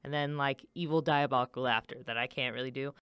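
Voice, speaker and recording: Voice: medium pitch, steady tone, fast talker, fairly bright tone, clean tone, dry recording. A radio DJ chatting casually, rambling with many fillers and self-corrections. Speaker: radio DJ host.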